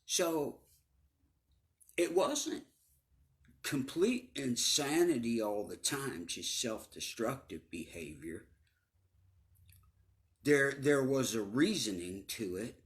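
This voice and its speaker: A middle-aged man telling his own story casually, swearing often, stumbling over repeated words and sometimes sinking to a near-whisper. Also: medium pitch. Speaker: storyteller recounting his life.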